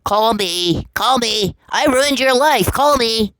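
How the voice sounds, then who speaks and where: A woman voicing a gloating harasser in a squeaky, whiny mocking tone. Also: animated, slow pace, a bit bright.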